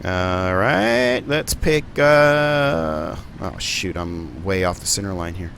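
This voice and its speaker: A man's voice: low voice, animated, slow pace, creaky, a bit bright, a little hiss or hum. A man giving live stream commentary on a flight simulator, rambling and thinking aloud with plenty of ums and uhs.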